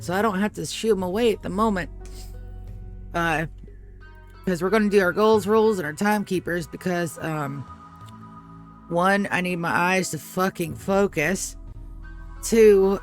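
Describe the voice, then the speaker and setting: A woman game streamer with a lowish voice talks at normal speed while faint music plays behind her. Groggy with her morning voice, she rambles through casual live-stream chat, swears freely, and talks to her cat.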